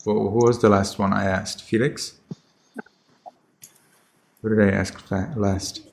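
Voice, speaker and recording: A man's voice: on the low side, little pitch movement, slow, gravelly, a little mellow. A man teaching a children's class over a video call, patiently repeating his questions.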